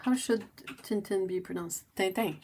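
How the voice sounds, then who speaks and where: Chatty woman, lowish voice. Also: measured pace, mellow, a little hiss or hum. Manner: chatty and rambling, many fillers. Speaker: livestream host. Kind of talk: casual chat while painting.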